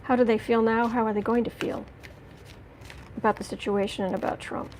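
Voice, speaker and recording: A woman giving a livestreamed tarot reading, talking indignantly and emphatically with halting restarts as she greets chat. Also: on the high side, flat delivery, a little mellow, a little hiss or hum, poor audio. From United States. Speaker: tarot reader.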